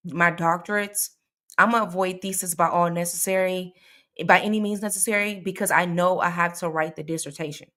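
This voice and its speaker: Woman with a lowish voice, true crime host chatting live with viewers, laughs easily and keeps calling them y'all. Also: fairly bright tone. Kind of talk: casual live chat with viewers.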